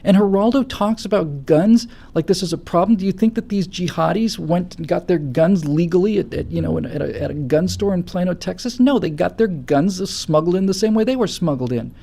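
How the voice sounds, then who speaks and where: A man hosting a political talk show, giving impassioned commentary with stammering restarts that build to loud, forceful stretches. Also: high voice, expressive, fairly quick, gravelly, hardly any pauses, slightly rough. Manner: forceful, stammering restarts, rising to near-shouting. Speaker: show host.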